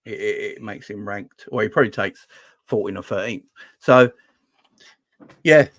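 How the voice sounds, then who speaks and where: A man in a casual sports chat, talking in a halting way with frequent stammered restarts. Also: fairly low pitch, no echo. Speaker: podcast guest.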